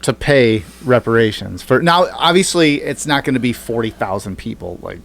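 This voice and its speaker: A man hosting a casual podcast, rambling and profane, thinking through figures out loud. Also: medium pitch, animated, moderate pace, vocal fry. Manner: rambling, profane, works through numbers aloud. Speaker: podcast host.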